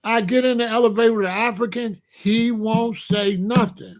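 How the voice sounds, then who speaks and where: A man's voice: extremely high pitch, fairly even intonation, normal speed. A man from Chicago hosting a blunt, profane commentary rant. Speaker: host.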